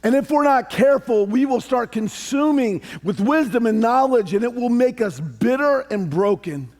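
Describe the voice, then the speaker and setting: A man preaching a sermon as pastor, animated and conversational with touches of humor. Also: very high-pitched, normal speed. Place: church sanctuary.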